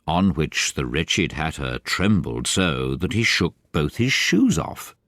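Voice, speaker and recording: A man with an extremely deep voice narrates a classic children's story with plenty of lift and fall in his delivery. The sound is dry and close. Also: takes it slowly, no echo. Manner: animated, varied storytelling. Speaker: audiobook narrator.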